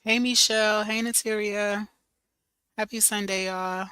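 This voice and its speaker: A hoarse woman hosts a casual livestream and greets her viewers one by one. She talks slowly in a relaxed, familiar way. Her raspy voice has a bright, forceful edge, and the sound is dry and close. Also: medium pitch, no room sound, low-quality recording. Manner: chatty, greets viewers by name, loose and familiar. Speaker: livestream host.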